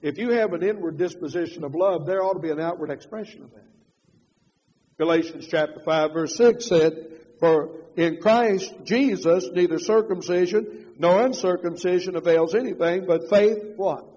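Older man preaching, husky. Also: high voice, moderate pace. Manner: swings from loud emphatic preaching to quiet confessional storytelling. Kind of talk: sermon. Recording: dull reverberant hall.

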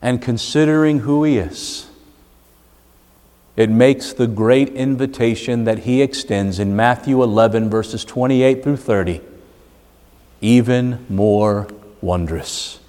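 A man's voice: mid-range voice, slow, warm tone. A man preaching a sermon as pastor, emphatic and building in intensity. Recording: long hall reverb.

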